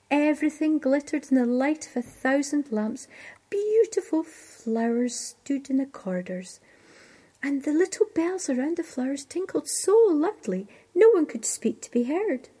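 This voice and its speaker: A woman reading a fairy tale aloud expressively, often dropping to a hushed voice. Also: fairly high pitch, breathy edge. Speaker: storyteller.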